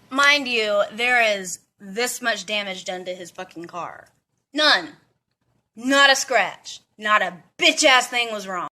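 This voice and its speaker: A young woman from Dallas telling a storytime vlog in a profane, animated way. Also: on the high side. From Dallas, Texas. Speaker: vlogger.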